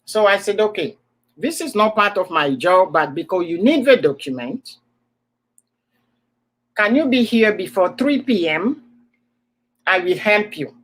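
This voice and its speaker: A woman's voice: mid-range voice, big pitch swings, a little slow, pauses often, poor audio. A woman with an African accent, telling a personal story as a host in a casual chat, repeating words for emphasis.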